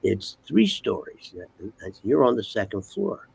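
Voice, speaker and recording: Interview guest, male, gravelly and husky, swears freely while acting out scenes. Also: on the low side, normal speed. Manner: profane, animated storyteller acting out dialogue. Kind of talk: casual storytelling.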